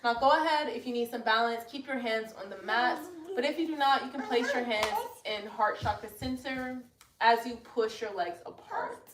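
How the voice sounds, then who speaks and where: Woman yoga teacher, laid-back cueing with jokey asides; slightly high voice; distant mic, roomy echo. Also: moderate pace. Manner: relaxed, joking asides to viewers. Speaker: yoga instructor. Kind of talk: casual guided yoga class. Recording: echoey room, mic far off, faint noise.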